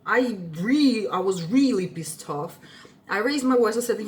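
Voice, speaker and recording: A young woman whose first language is Russian, telling a story in an indignant, expressive rant and swearing freely. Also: mid-range voice, a little slow. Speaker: vlogger.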